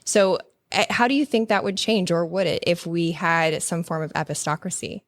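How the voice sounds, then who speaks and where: A woman hosting a podcast, asking interview questions in a measured, deliberate way. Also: fairly low pitch, fairly even intonation, no echo. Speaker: podcast host. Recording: dry, distant mic.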